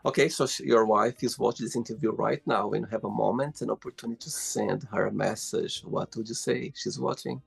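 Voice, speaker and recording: A man's voice: fairly low pitch, fairly even intonation, brisk, vocal fry, hardly any pauses, slightly rough, faint music behind. A man hosting a casual interview, asking questions playfully and teasing his guest. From London, England. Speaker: host.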